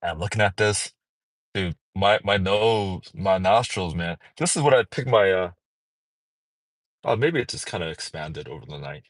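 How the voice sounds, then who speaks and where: A man's voice: expressive, moderate pace, dry recording. A man chatting casually on a livestream while out at a mall, rambling, joking and swearing freely. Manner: rambling, playful, swears freely, sudden singing and high-pitched bits. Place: outdoors at a mall parking area.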